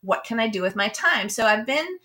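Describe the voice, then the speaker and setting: A woman's voice: on the high side, animated, brisk, sharp tone. A woman co-hosting a podcast in casual chat, from Canada, who giggles often and talks in a bubbly way. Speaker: podcast co-host.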